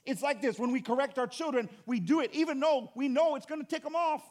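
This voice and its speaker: A man preaching a sermon as pastor, animated and conversational, with joking asides to the congregation. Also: very high voice, fast talker.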